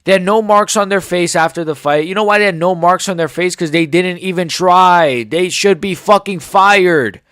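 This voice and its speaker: A man's voice: sits high, normal speed, few pauses, a bit bright, clear, resonant tone, no echo, studio quality. A man in his forties giving a heated, sarcastic reaction rant full of swearing. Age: 40s. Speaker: MMA commentator.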